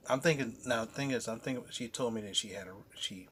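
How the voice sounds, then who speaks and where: A man tells a rambling, profane story in a casual vlog about comic books. His voice sits at an ordinary middle pitch. A faint hiss runs under the recording. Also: quick pace, a bit bright. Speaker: comic book vlogger.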